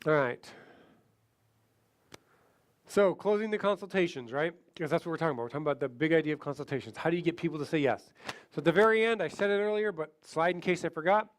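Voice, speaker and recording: A man giving a sales training seminar, animated, acting out short client conversations as he teaches. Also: fairly high pitch, quick pace. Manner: animated, acts out client dialogue. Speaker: seminar speaker.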